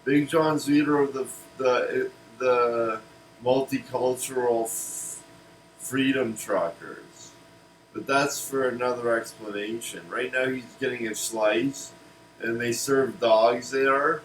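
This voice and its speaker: A man rambles through a cartoon pitch at an unhurried, drawn-out pace. He stumbles and restarts words as he goes. Faint noise hums under the recording. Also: low-quality recording. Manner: rambling, restarts words, laughs at own jokes. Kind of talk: casual comedic pitch chat.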